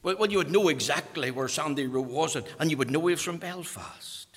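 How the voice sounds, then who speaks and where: A man preaching a fervent sermon, swinging between loud declarations and hushed whispers. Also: fairly high pitch, brisk, husky, in a large hall.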